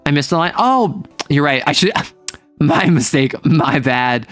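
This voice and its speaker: A man's voice: a little high, expressive, unhurried, fairly bright tone, no room sound, a faint crowd. Guy streamer goofing around, bouncy voice, dry close mic w/ a little music under it. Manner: goofy, playful, jumps between bits and mock drama. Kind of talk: joking livestream chat.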